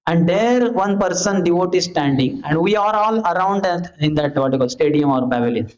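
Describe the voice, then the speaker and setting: A man giving a devotional class lecture, animated and repetitive, shouting names for emphasis. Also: fairly high pitch, fairly quick. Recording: dull lo-fi recording.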